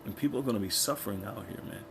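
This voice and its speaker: Laid-back male preacher, low voice. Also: vocal fry, slight background noise. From United States. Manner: conversational, keeps checking in with "all right?" and "man"; reads verses slowly, then explains them in plain talk. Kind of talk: casual scripture teaching.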